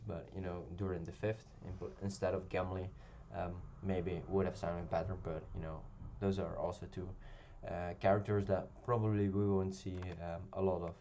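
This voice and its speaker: A man's voice: sits low, flat delivery, moderate pace, few pauses, warm tone, lo-fi sound, a little hiss or hum. A man giving a casual spoken review of a television episode, talking hesitantly with many ums and restarts. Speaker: video reviewer.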